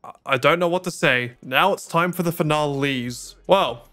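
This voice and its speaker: A man's voice: a little high, normal speed, pushed and bright, slight background noise. A young man giving sarcastic gameplay commentary and talking back to game characters. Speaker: gaming YouTuber.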